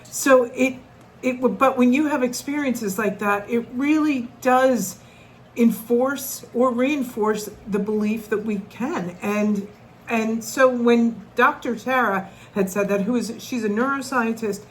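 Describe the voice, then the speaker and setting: A woman's voice: a little high, slow pace, slight background noise, rough recording. A middle-aged woman telling a personal story to camera in an earnest, conversational way, often restarting her sentences. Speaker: vlogger.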